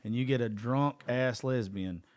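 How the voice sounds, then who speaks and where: A man's voice: mid-range voice, measured pace, no room sound. Podcast host, male, blunt and profane, dry close recording. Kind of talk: casual chat.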